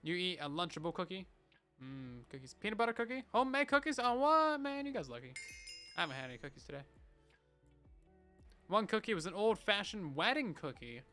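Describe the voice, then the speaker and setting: An animated young man talks over a game stream in a bright, clear, high voice that rises and falls a lot. He answers viewer messages playfully and chattily from a home streaming setup. Light music plays softly behind him. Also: a little fast, long pauses. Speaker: livestreamer. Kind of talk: casual livestream chat reading viewer messages.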